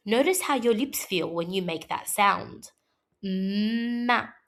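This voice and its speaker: In a scripted phonics lesson for young children, a woman speaks at medium pitch, modelling sounds slowly and clearly for them to echo.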